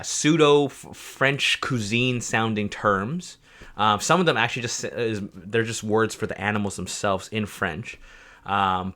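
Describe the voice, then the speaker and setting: A young man with a fairly low voice and a bright, forceful tone, explaining his project on a livestream. He rambles, stumbles over words and corrects himself as he goes, filling gaps with ums and likes. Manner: rambling, many fillers and self-corrections. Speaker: project co-creator presenting a map. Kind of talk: livestream chat explaining a map.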